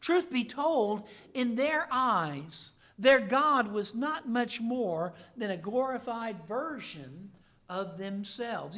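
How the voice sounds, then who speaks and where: A pastor preaches a sermon and reads scripture aloud, swinging between loud declarations and hushed asides. His voice is extremely high-pitched, expressive, and slow.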